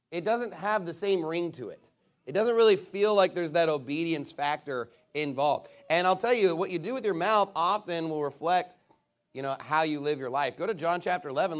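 A man preaching a sermon as pastor, playing a call-and-response game with children and talking playfully to the congregation. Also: high voice. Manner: lively, playful with kids, calls out to the crowd.

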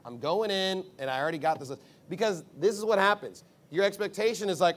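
A man's voice: high voice, lively intonation, a little fast, few pauses. A man preaching a conversational sermon as a pastor, blunt and emphatic, rambling with asides.

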